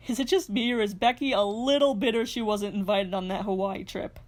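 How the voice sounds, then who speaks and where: Woman, young adult, recap host, scripted narration, sarcastic, fairly high voice. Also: brisk, few pauses. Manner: sarcastic, snarky asides.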